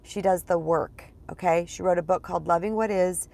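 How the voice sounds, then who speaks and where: Female coach, casual vlog talk, low-set voice with a lot of fry, chatty and repetitive for emphasis. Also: fairly even intonation, brisk, a little mellow. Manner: chatty, repeats words for emphasis, addresses viewers as "you guys". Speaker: spiritual empowerment coach.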